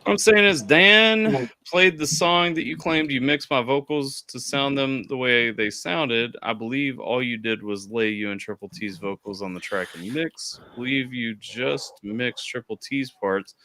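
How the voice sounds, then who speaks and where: A man hosting a casual stream chat, telling animated stories and swearing freely. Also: medium pitch, unhurried. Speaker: streamer host.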